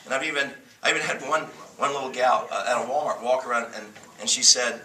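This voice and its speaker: Teaching a church class, a man tells stories emphatically and with jokes, leading the group in call-and-response. His mid-range voice is bright and forceful, quick-paced with few pauses. A room mic far away gives a roomy sound with faint noise.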